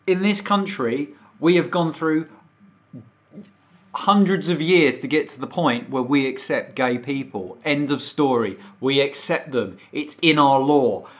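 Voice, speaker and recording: A man's voice: a little high, unhurried, fairly bright tone. A British man from the United Kingdom ranting and swearing on a casual livestream, getting more worked up as he goes. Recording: dull lo-fi stream audio.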